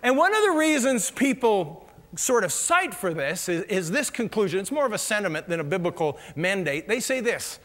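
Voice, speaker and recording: A man's voice: sits high, very animated, normal speed, a bit bright. A middle-aged man preaching a sermon, telling humorous stories and laughing at his own jokes. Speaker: pastor. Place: large church hall. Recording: reverberant church hall.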